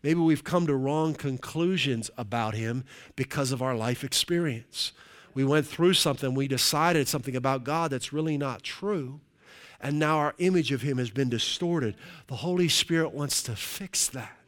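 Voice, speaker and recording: A man's voice: mid-range voice, normal speed, a bit bright. A middle-aged male pastor giving a conversational sermon, checking in with the congregation with frequent "right?"s.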